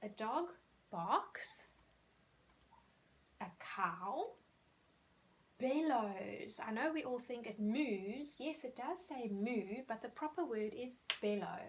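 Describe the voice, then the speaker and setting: A woman, teaching young children animal sounds in a recorded lesson, speaking slowly and clearly and drawing out the sound words. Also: a little high, lively intonation, a little hiss or hum. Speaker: primary school teacher.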